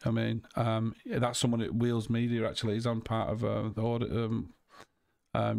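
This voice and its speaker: Angry sweary man, gravelly. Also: fairly low pitch, completely flat delivery, moderate pace, darkish tone. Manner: angry, emphatic, sweary, repeats himself. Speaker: host. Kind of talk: heated casual call chat.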